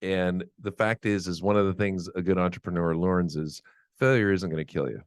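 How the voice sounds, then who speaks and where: A middle-aged man co-hosting a casual podcast, giving measured advice and laughing along with the others. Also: low voice, fairly even intonation, clean tone, dry recording, studio quality. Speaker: podcast co-host.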